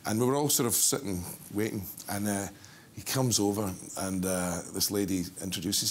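A man's voice: on the low side, moderate pace, a little hiss or hum. A Scottish man, a guest impressionist, telling anecdotes in casual chat. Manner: animated storyteller, jumps into voices.

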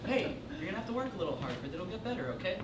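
A man in an improvised comedy scene, playing a patient dad who talks calmly and reassuringly. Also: high voice, rapid-fire. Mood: soothing. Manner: calm, reassuring. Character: patient, soothing middle-aged dad. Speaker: improv performer. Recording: echoey stage, distant mic, loud noise.

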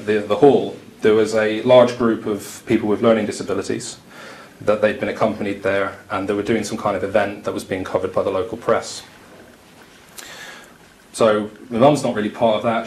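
A man giving a conference talk, telling anecdotes in a conversational way with many fillers. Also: on the low side. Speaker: conference speaker. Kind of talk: storytelling talk. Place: conference hall. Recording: roomy hall, faint noise.

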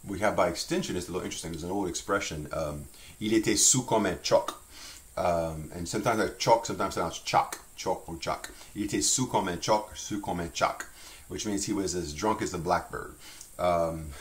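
A man teaching a French language lesson, relaxed and chatty, with frequent fillers and restarts. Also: deep voice.

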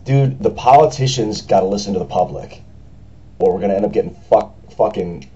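A hoarse young man from the United States with a raspy voice, talking earnestly and with frustration in a rambling home video message, full of fillers. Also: on the low side, lively intonation, brisk, warm tone, muffled recording. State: hoarse after a party. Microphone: camera microphone.

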